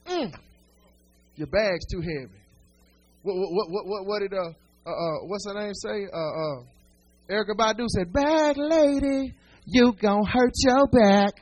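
A man with a strikingly high voice preaches a sermon to his congregation. He mixes homely humor with repeated, building phrases and calls out to the church directly. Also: unhurried, pauses often, slightly rough, highs cut off. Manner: folksy humor and stories. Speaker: pastor.

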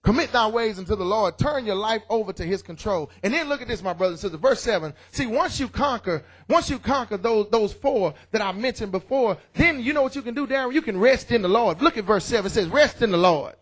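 A middle-aged man preaching a loud, excited sermon in church, calling out to the congregation. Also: sits high, fast, hardly any pauses. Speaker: pastor. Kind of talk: energetic sermon.

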